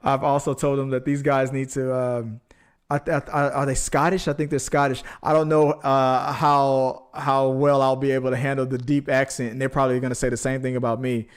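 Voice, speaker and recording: A man co-hosts a casual movie podcast, rambling, joking, and correcting himself as he goes through the news. His voice is medium-pitched, level, and clean, and he speaks briskly.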